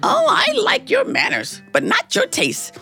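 A woman's voice: extremely high pitch, wildly swooping pitch, measured pace, vocal fry, music in the background, voice pushed up, heavily acted. A woman voicing a sassy, stern female fairy who scolds sharply, as in a told fairy tale. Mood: prim.

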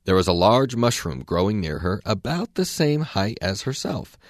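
A man reads a storybook aloud in a measured, expressive way. His voice sits fairly low with lively rises and falls, recorded dry and close. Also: dry recording. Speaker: reader.

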